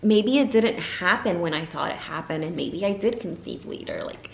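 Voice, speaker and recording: A young woman telling a personal story to her viewers, emotional and halting, her voice sometimes dropping to a whisper. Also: on the low side, creaky, slight background noise. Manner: emotional, pausing, voice breaking into whispers. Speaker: vlogger. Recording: echoey room, faint ambience.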